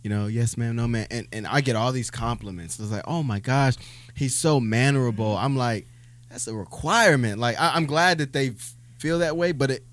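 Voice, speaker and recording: A man's voice: mid-range voice, normal speed, a bit bright. A man in his thirties co-hosting a casual podcast, easygoing and agreeable, often dropping his voice. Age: 30s. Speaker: podcast co-host. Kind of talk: casual chat.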